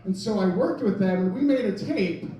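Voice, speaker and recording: A warm, high voice at ordinary speed belongs to a man in his thirties doing rambling, self-deprecating stand-up in a club. The sound is lo-fi and echoey, from a mic at a distance, with the crowd laughing.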